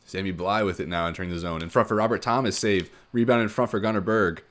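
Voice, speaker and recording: A man giving play-by-play commentary on a hockey video game, calling each play quickly and rising sharply on goals. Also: low-pitched. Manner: rapid play-by-play, excited surges on goals. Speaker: gaming commentator.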